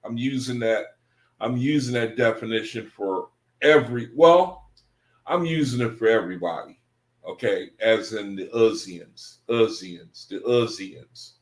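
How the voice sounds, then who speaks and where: A man's voice: medium pitch, reverberant. A man giving an informal Bible study talk in a loose, conversational way, often circling back and repeating himself. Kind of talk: informal scripture teaching monologue.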